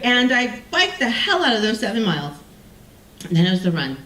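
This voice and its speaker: A woman tells a personal story with a lively, swooping voice, mocking herself and playing the people she quotes. She sounds roomy and a little far from the mic, with faint ambience behind her. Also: a little high, a little fast. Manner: animated, self-mocking, acts out quoted voices.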